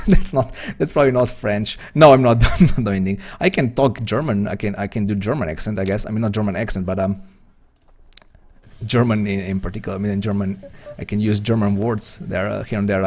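A man's voice: fairly low pitch, a little mellow. A man from Slovenia with a Slovenian accent, chatting hesitantly and rambling as he commentates his own poker stream. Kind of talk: live-stream commentary while playing.

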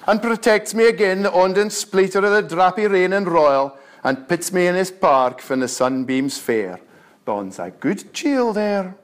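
A man voicing a gentle, trusting farm cow in a North-East Scots accent, speaking in an earnest sing-song. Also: high voice, pitched above the performer's own voice, heavily acted.

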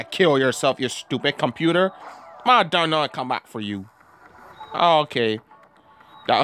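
A man hosting a gaming video who has a cold, giving casual gameplay commentary and yelling and groaning at the game. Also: mid-range voice, a little hiss or hum. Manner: excitable, yells and groans at the game. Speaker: gaming channel host.

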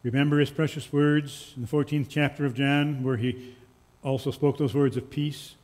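A male pastor preaching in a church, slow and earnest, with lines that trail off softly. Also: mid-range voice, little pitch movement. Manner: slow, earnest storytelling with soft, quiet endings. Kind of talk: sermon. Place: church sanctuary. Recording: long church reverb.

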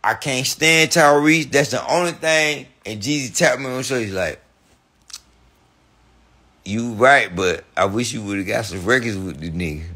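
A man telling a heated, profane story on a podcast, repeating himself and breaking into animated outbursts. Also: medium pitch, normal speed. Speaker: podcast guest.

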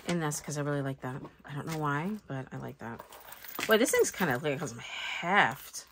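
A woman vlogger thinks aloud while setting up a planner, chatting casually and making jokes at her own expense as she crafts. Her deep voice is expressive and moves at normal speed, with background noise behind it.

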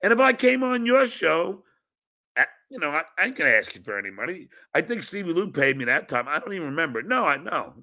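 A middle-aged man hosting a podcast, profane and combative as he rants about a rival. His voice is gravelly and bright, and his pitch swings widely. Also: very animated, fast. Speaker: podcast host. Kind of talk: casual podcast chat.

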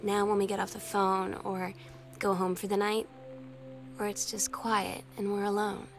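A woman voicing a teenage girl who confides in her older sister in a narrated game audio diary, quiet and hesitant. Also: mid-range voice, little pitch movement, moderate pace, vocal fry, lightly acted. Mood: confiding. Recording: game audio over music.

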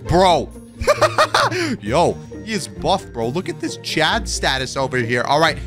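Hyped young man narrating a game. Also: a little high. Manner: animated, hyped, rapid-fire interjections. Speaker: gaming YouTuber host. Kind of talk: excited gameplay commentary. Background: background music.

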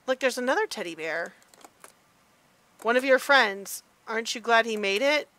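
A middle-aged mom chatting excitedly through a let's play, gasping and squealing as she goes. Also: fairly high pitch, normal speed. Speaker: gamer mom playing a game.

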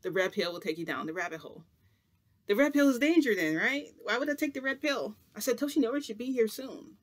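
High-voiced man telling a rambling story. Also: brisk. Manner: rambling, animated, with frequent restarts and laughs. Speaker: vlogger. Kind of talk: casual storytelling.

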